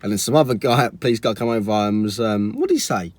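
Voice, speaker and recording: Young guy, storytime vlogger, low-ish voice, chatty and exasperated, dry close sound. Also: big pitch swings, fast, dry recording. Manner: chatty, exasperated, full of likes and restarts. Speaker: car vlogger. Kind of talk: casual storytime vlog.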